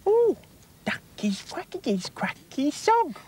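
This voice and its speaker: A woman voicing a small, playful boy rag doll in a children's TV puppet show, in a slow, sing-song childlike voice. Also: sits high, big pitch swings, darkish tone, full character voice. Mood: cheerful.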